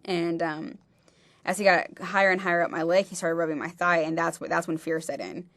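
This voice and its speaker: A woman recounting a personal experience in a halting way, often restarting her sentences. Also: lowish voice, fairly even intonation, a bit bright, no room sound. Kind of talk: personal testimony.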